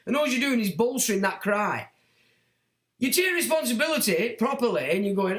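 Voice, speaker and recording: A man's voice: high voice, a little fast, reverberant. A middle-aged man hosts a casual livestream and answers chat comments bluntly, sometimes mocking complainers in put-on voices. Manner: blunt, animated, mocks whiners in put-on voices.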